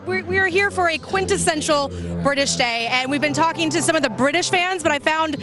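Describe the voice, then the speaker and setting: A woman's voice: high voice, a little fast, a crowd in the background. A woman reporter doing a chatty, playful on-location interview at an outdoor fan viewing area, laughing often. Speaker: roving reporter.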